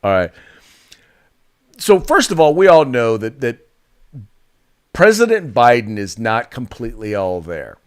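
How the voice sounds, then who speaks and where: A man co-hosting a podcast, giving casual political commentary in an animated way with frequent restarts. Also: mid-range voice, measured pace, long pauses. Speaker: podcast co-host.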